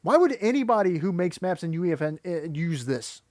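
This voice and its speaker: Male voice actor turned commentator; high, dry, exasperated and critical, rambles. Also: very animated, brisk, darkish tone, no echo. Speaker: YouTuber and voice actor. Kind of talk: commentary video rant.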